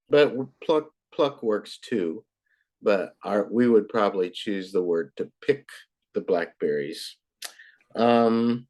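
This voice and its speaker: A woman tutoring a child in English, patient and encouraging, repeating words slowly to model them. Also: a bass voice, warm tone. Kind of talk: online tutoring lesson.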